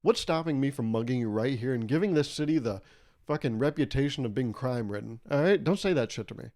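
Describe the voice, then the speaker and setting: A man's voice: mid-range voice, expressive, fast talker, darkish tone. A young man hosting a solo podcast, rambling and joking, swearing and laughing as he tells stories. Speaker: podcast host. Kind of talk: casual solo podcast monologue.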